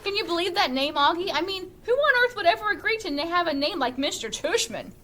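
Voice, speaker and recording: A woman's voice: extremely high pitch, expressive, brisk, pushed and bright, pitched above the performer's own voice, full character voice. Woman reading as a playful, joking dad. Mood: teasing. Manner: teasing and upbeat.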